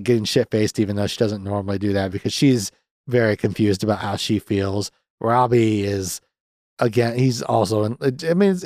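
A man's voice: fairly low pitch, a little mellow, dry recording, clean studio sound. A man in his thirties hosting a podcast, chatting casually and ramblingly about a film and swearing freely. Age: 30s. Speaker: podcast host. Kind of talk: casual movie review chat.

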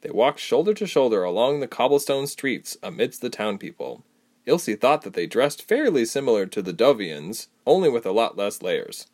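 A man narrating a fantasy novel as an audiobook, telling it expressively. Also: mid-range voice. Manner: expressive storytelling.

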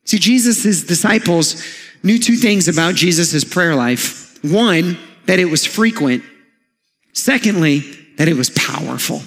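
A man in his thirties delivers a sermon, talking to the congregation in a relaxed, storytelling way with touches of humor. His voice sits somewhat high for a man, and it rings out with the long reverb of a church hall. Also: normal speed. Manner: conversational, storytelling with light humor. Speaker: pastor. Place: church sanctuary.

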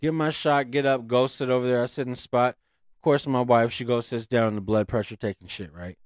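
A man telling a profane, animated story in casual chat on a podcast. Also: medium pitch, a little fast, no room sound, clean studio sound.

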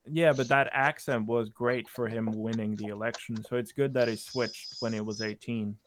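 A man with a mid-range voice chimes in with quick, joking asides during a casual political chat. His speaking is relaxed and conversational. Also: mid-range voice, slight background noise.

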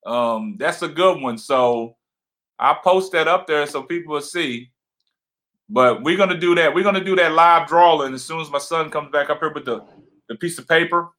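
Man co-hosting a home livestream; deep, loud, passionate delivery with a bright edge. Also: normal speed. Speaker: livestream co-host. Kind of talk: casual livestream chat.

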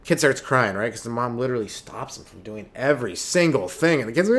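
A Canadian man in his thirties hosts a comedy podcast, rambling through stories in a loose monologue. He keeps breaking into quick, silly put-on voices for the people he describes. His own speaking voice sits at an ordinary middle pitch. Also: lively intonation. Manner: riffing, acting out characters in quick put-on voices. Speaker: stand-up comedian hosting a podcast.

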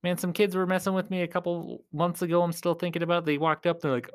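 A man with a slightly higher than usual voice rambles to his viewers in loose, joking chat. He pokes fun at himself and often trails off mid-thought before starting again. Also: little pitch movement, fast, hardly any pauses, clean tone. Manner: chatty, joking, self-deprecating, trails off and restarts. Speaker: video creator. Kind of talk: rambling casual chat to viewers while playing a game.

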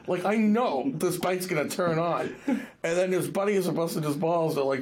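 A man's voice: on the high side, normal speed. A man with a New England accent hosting a fishing podcast, telling stories with blunt, swearing energy. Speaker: podcast host. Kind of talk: casual podcast chat.

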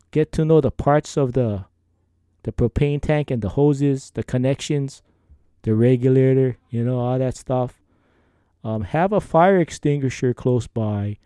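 Recorded cleanly in a studio with no echo, a man with a Hawaiian Pidgin accent and a dark, mid-range voice hosts a casual podcast. He reads listener emails in a playful, laid-back way.

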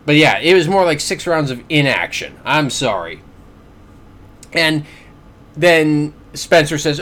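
Canadian guy on his podcast, kinda high voice, sarcastic and fed up, stumbles over words a lot. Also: expressive, slow pace, long pauses, a bit bright. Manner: exasperated, sarcastic, stammers and repeats words. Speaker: podcast host. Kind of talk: casual boxing review.

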